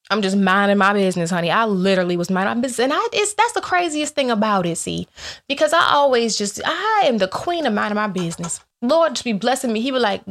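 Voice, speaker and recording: A woman talking to her viewers about faith in a loose, chatty way. She tells her stories with lots of animation, acting out both sides of each exchange. Her voice sits at an ordinary middle pitch. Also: fast. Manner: animated storytelling that acts out her own and God's replies; chatty, with playful asides to viewers. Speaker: faith vlogger. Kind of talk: casual faith talk to viewers.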